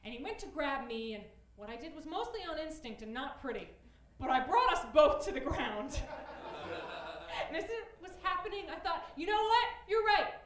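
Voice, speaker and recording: A woman in her late twenties performing a stand-up comedy set, self-deprecating and given to loud excited bursts. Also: sits high, normal speed. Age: late 20s. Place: comedy club stage before a live audience. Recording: roomy club sound, audience laughter.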